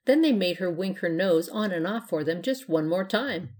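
A woman narrating a children's storybook in a steady, gentle way. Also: on the low side, normal speed. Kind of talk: storybook reading.

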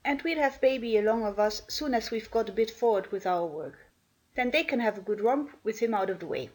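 A woman voicing a bossy older household servant, scolding and brisk. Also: fairly high pitch, animated, a little mellow, low-quality recording.

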